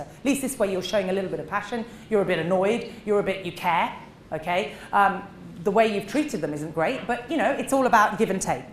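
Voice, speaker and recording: A middle-aged woman, a dentist giving a seminar talk, animated and emphatic, acting out short exchanges. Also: mid-range voice, fairly quick. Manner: animated, acts out little dialogues, emphatic. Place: seminar room. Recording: echoey room with faint noise.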